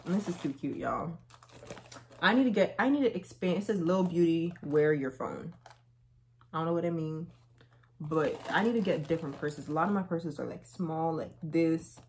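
Young woman with a low voice vlogging a haul, chatty slangy storytelling, slight hiss behind. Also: normal speed. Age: young adult. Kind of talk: casual try-on haul chat.

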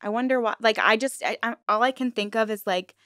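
Young female commentary host; indignant, emphatic delivery, clean smooth tone, dry booth sound. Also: fairly high pitch, brisk, pushed and bright, no room sound. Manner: indignant, emphatic, heavy use of "like". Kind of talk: true-crime commentary.

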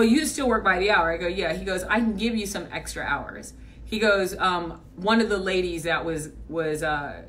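A woman's voice: mid-range voice, fairly bright tone, recorded from a distance. Emphatic woman coach telling a story. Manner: emphatic and blunt, repeating points for force. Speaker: business coach. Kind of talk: motivational storytelling.

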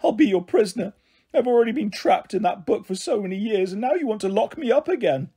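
A man's voice: high-pitched, animated, quick pace, mellow, husky, pitched above the performer's own voice. A man reading aloud, voicing a tiny, ancient, scornful female fairy with a haughty, sniffy manner.

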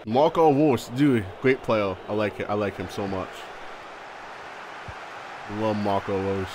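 A man live-streaming a football video game, chatting and reacting loudly, often repeating his words. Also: on the low side, measured pace, noisy background. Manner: excitable, repeats words, yelps in surprise. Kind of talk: live gameplay chat.

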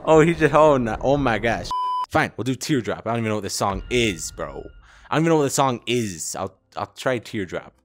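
A man's voice: mid-range voice, lively intonation, fairly quick. A young man giving playful, melodramatic commentary while playing a video game, joking with himself and others. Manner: joking, exaggerated, melodramatic outbursts. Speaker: gaming streamer.

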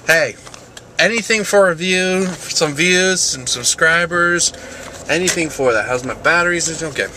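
A man's voice: fairly high pitch, measured pace, sharp tone, a little hiss or hum. A young man vlogging casually, joking, rambling and making fun of himself. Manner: joking, rambling, self-mocking. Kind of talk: casual vlog.

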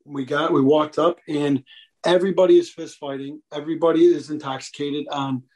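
High-voiced, mellow police officer telling stories. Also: male voice, fairly quick. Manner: animated, acts out voices in anecdotes. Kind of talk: casual storytelling interview.

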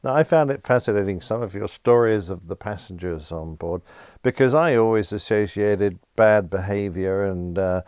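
A man's voice: lowish voice, moderate pace, hardly any pauses, darkish tone, clean tone, no room sound, studio quality. A man hosting an aviation podcast, chatting casually and prompting his guest with questions. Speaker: podcast host, airline captain. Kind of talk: casual interview chat.

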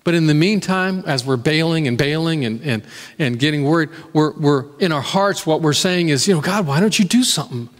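Male pastor, earnest conversational sermon delivery, voice a touch high for a man, long reverb of a church sanctuary. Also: moderate pace. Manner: earnest, conversational preaching with repeated restarts and acted-out quotes.

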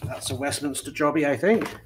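A Scottish man with a slightly higher-than-average voice chats casually to camera, opening letters and parcels with warm, easy exclamations. Soft music plays faintly behind him. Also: fairly quick, distant mic. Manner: chatty, warm exclamations, talks to his cat. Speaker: coin collecting channel host. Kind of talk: casual vlog chat while opening mail.

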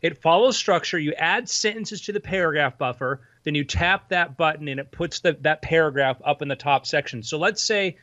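A man's voice: fairly high pitch, moderate pace, few pauses, sharp tone, no room sound, lo-fi sound. A man who built a dictation app, patiently walking a host through it step by step in casual chat. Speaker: app developer guest. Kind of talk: explaining software in casual chat.

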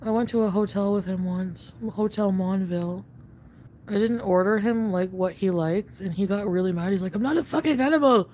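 A woman venting to camera in a rambling, profane confessional rant. She says she is high on an edible, and her speech is full of fillers and restarts. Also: fairly even intonation, normal speed, warm tone, a little hiss or hum. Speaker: online video creator.

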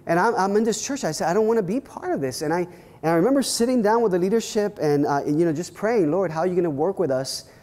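A man, a pastor, giving a workshop talk, telling personal stories in an animated way with many restarts and repeated words. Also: sits high, quick pace, in a large hall. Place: church hall at a leadership weekend.

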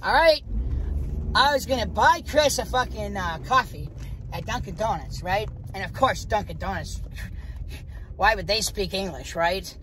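A foul-mouthed American woman speaks straight to her viewers in an unscripted vlog, her voice sitting at an ordinary middle pitch. She is blunt and swears freely. A faint hiss of background noise runs under her words. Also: expressive, normal speed, a bit bright. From United States. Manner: blunt, heavily profane, talks straight to viewers. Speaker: vlogger. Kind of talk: casual vlog talk to camera.

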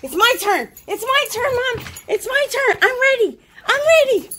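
A woman voicing her eager young female husky puppy with a whiny, pleading squeal. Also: very high voice, very animated, normal speed, pushed and bright, slight background noise, pitched above the performer's own voice, exaggerated voice.

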